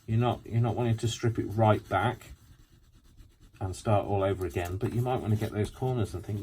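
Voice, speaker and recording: A very low-pitched man talks through a craft demonstration at a home craft table. He is chatty and rambling, breaking off into joking asides about himself. A faint hiss sits behind his voice. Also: moderate pace, a little mellow. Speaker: craft tutorial host.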